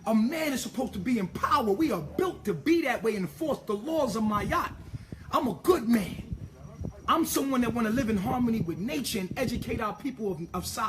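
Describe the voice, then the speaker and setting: A man's voice: extremely high pitch, a bit bright, slight background noise. A man delivering an impassioned, profane monologue, emphatic and ranting, tripping over repeated words as he pushes his point.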